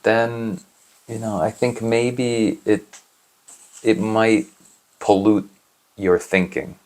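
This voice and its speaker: A man with a deep, low-pitched voice answers questions in a relaxed interview. He explains earnestly, often restarting his phrases as he thinks. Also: slow pace. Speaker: interview guest.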